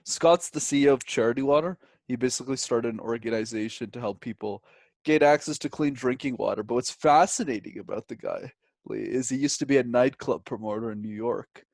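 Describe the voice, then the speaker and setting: A man from Canada, a guest telling stories in a casual interview, animated and joking. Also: mid-range voice, a little fast, vocal fry, no room sound. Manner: animated storyteller, jokey.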